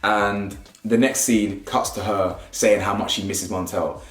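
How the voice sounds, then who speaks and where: A man giving casual, opinionated commentary on a reality show, animated and mocking, often asking "yeah?". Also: fairly low pitch, a little slow. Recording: echoey room.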